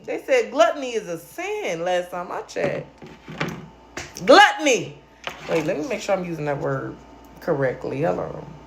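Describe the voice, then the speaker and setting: A woman's voice: lowish voice, big pitch swings, a little slow, vocal fry, fairly bright tone, a little hiss or hum. A woman hosting a late-night livestream, ranting at viewers in a brash, profane and confrontational way while a little tipsy. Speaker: livestream host.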